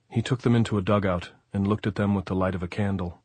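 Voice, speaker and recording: A man narrating an audiobook in a steady, measured way. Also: fairly low pitch, dry recording.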